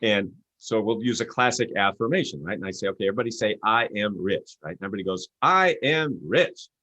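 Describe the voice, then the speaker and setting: A man who works as an author and coach shares stories in an interview at a quick pace, with no room sound. Lively throughout, he voices the quotes himself, his pitch rising as he does.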